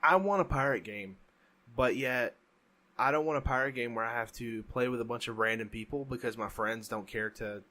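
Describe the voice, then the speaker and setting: A man's voice: medium pitch, normal speed, bright, forceful tone. A man co-hosting a podcast in casual chat, talking emphatically and ranting with strong opinions. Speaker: podcast co-host.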